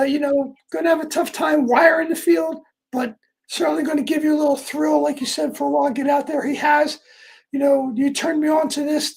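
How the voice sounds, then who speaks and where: A man hosting a casual horse racing betting chat, talking through his picks in a rambling, earnest way, his voice sounding high and squeaky. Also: creaky. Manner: rambling, full of fillers, earnest. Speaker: horse racing handicapper host.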